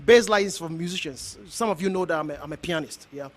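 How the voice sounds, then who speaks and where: A middle-aged pastor from Ghana speaks to a gathered crowd in an earnest, exhorting way. His voice sits high for a man, and he circles back over his points as he presses them home. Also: fairly quick. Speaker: pastor hosting an honoring event. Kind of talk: heartfelt speech to a gathering.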